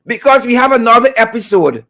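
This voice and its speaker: Guyanese accent, sarcastic political host, live-stream commentary, swooping animated pitch, mocking repetition. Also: a little fast.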